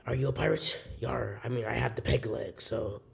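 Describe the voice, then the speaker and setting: A man voicing a gruff male pirate fox animatronic who talks in pirate slang. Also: mid-range voice, moderate pace. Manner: pirate talk with "yar" and "matey".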